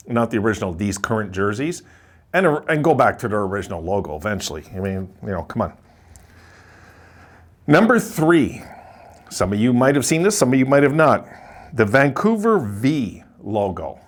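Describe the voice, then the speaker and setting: A man hosting a casual hockey video, ranting with lots of repetition and mocking others in a high voice. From Buffalo area, Sabres fan. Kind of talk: casual opinion monologue.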